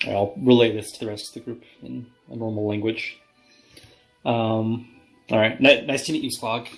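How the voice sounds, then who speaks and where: A man playing his character in a tabletop game, hesitant and filling pauses with "uh" and "um". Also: medium pitch, steady tone, creaky, faint music behind. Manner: hesitant, lots of fillers. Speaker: player.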